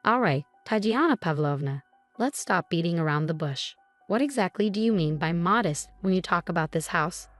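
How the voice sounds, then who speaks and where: A woman voicing an exasperated young husband who talks in a sharp, incredulous way. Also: on the low side, expressive, normal speed, dry recording, faint music behind, natural voice.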